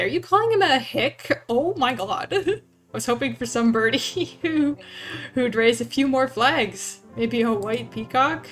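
A woman streamer chatting casually and reading game text aloud, quick and giggly, often breaking into laughter. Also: fairly high pitch, animated.

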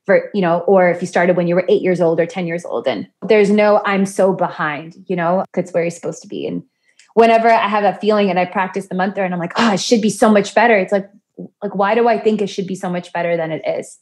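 A woman's voice: fairly low pitch, steady tone, quick pace, a little mellow. A woman guest on a podcast, talking in a chatty way about chanting practice, laughing now and then. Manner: chatty, laughs often, acts out quoted voices. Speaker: podcast guest, yoga and mantra teacher. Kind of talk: conversational interview.

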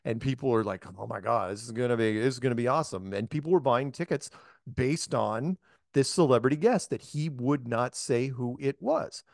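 Animated man telling a story. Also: medium pitch, normal speed, vocal fry, no room sound, studio quality. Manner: animated storyteller, acts out quoted voices. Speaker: host. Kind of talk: casual storytelling chat.

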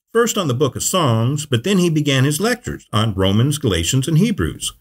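Male preacher, mid-pitched, measured and emphatic delivery for a Bible teaching video. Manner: measured, emphatic phrasing with repeated verse quotes.

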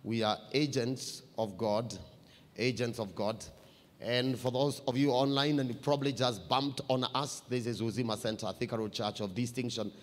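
A man, a church pastor preaching a sermon, climbing louder and higher as he reads scripture. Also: fairly even intonation, moderate pace. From Kenya. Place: church hall. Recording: long hall reverb.

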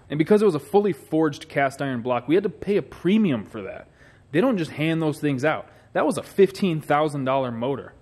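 A man hosting a comedic car build vlog, bragging in a sarcastic, over-the-top way. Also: a little high. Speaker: channel host.

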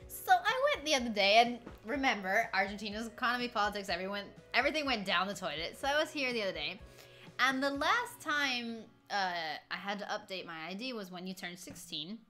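A woman's voice: medium pitch, lively intonation, fairly quick, pushed and bright, faint music behind. A woman in her twenties chatting casually with her stream viewers, rambling through stories, laughing often and greeting chat along the way. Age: 20s. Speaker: livestreamer.

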